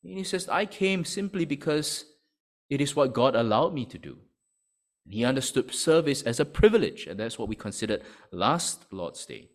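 Animated male preacher, lively pitch. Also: normal speed. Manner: animated preaching with rhetorical questions and frequent "right?". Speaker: pastor. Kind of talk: sermon.

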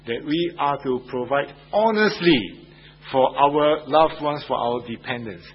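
A man at a middle pitch preaches a sermon, leaning hard on repeated phrases and putting questions straight to his listeners. His voice comes through a dull, lo-fi radio broadcast with a faint hum under it. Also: animated, measured pace.

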